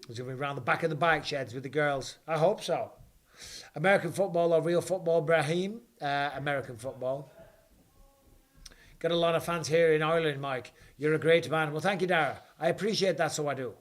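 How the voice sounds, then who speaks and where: Excitable man hosting a live fight watch-along. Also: fairly high pitch, fairly quick. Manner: excitable, banters with viewers, swears casually.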